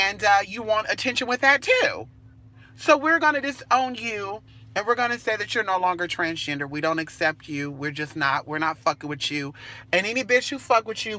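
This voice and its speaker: A brash woman vents to her phone camera while she waits outdoors at a bus stop. Her voice is bright and pointed, and she swears freely with a sassy, cutting edge. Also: mid-range voice. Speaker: vlogger. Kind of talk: casual rant to camera.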